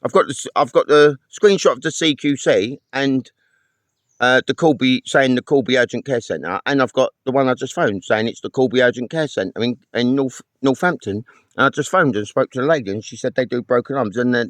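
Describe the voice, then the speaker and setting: In a medium-pitched, fairly bright voice with no room sound, a man who is homeless rants to camera in anger. He recounts phone calls, swears a lot and keeps repeating himself in this personal vlog.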